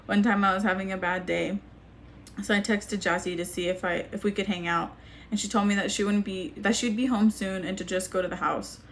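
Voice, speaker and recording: A young woman reading a personal letter aloud to camera, halting and grieving, with frequent restarts. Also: mid-range voice, fairly even intonation, a little hiss or hum. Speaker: vlogger.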